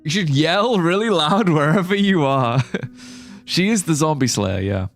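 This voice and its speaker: A man livestreaming a game in casual chat, excitable and laughing often, with quick exclamations. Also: a little high, faint music behind. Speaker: live streamer.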